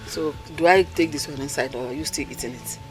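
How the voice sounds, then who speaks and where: A Nigerian woman acting a patient mother trying to calm her hungry son. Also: rumbling low, brisk, rough recording. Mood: placating. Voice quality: calming and placating. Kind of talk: film drama. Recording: film soundtrack with loud music.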